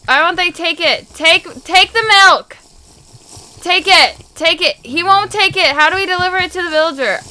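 A woman hosting a game video, giving chatty, excitable play-by-play that bursts into squeals and laughter. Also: very high voice, normal speed. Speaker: gaming video host. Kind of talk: excited let's-play commentary.

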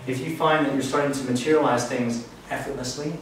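Male speaker, mid-pitched, earnest and reflective, live talk; roomy echo, far-off mic, light hiss. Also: fairly even intonation, brisk. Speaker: spiritual workshop speaker. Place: event room. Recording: echoey room, distant mic, faint hiss.

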